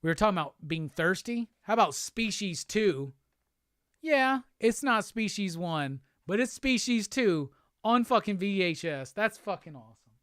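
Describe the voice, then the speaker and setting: Excitable, cursing male host. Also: sits high, normal speed, no room sound, studio quality. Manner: excitable, profane, exclamatory. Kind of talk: casual livestream unboxing chat.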